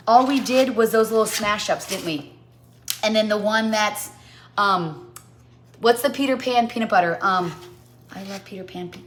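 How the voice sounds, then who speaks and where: A woman in her forties hosts a casual baking livestream from her home kitchen, chatting playfully and stumbling through tongue twisters and jingles. Her voice is on the high side, with slight background noise.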